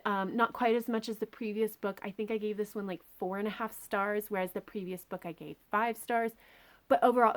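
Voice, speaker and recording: A woman reviewing a book in a casual, chatty, enthusiastic way, full of filler words. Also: mid-range voice. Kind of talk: casual chat.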